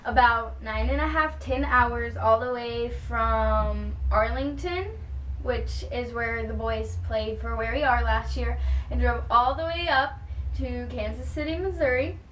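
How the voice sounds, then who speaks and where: A high-pitched woman from Texas tells a storytime vlog, gushing and excitable, her talk full of fillers. She sits a little back from the microphone, and the room gives her voice a roomy echo. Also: a little slow, a little hiss or hum. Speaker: vlogger. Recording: roomy sound with the mic at a distance.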